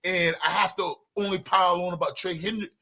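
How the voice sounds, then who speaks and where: Emphatic high-voiced man talking sports. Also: fairly even intonation, fairly quick, sharp tone. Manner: emphatic, repeats words when fired up. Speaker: sports talk co-host. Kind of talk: casual sports debate.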